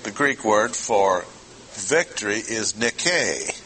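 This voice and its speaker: A man preaching to a congregation in a bright, forceful voice. He keeps it conversational and stops to ask his listeners questions. A faint background ambience sits under his words. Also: on the low side, animated, slow, slight background noise, rough recording. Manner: conversational, asks the audience questions. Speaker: pastor. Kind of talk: expository sermon.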